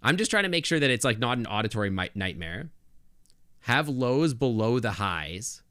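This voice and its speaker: A man's voice: medium pitch, sing-song, normal speed, bright, forceful tone, no echo. A male game streamer chatting casually with his viewers on a close desk microphone, thinking aloud with lots of restarts and asides.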